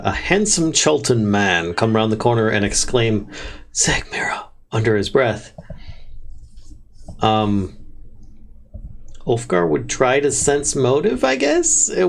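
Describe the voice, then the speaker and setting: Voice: medium pitch, expressive, unhurried, vocal fry, hardly any pauses. A player in a tabletop role-playing game, thoughtfully explaining what their character does.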